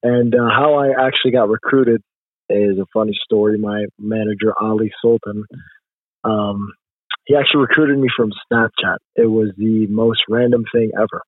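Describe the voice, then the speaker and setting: Man, podcast guest, raised in jordan, husky voice, tinny phone-like line, dry. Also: fairly low pitch, steady tone, normal speed, dry recording.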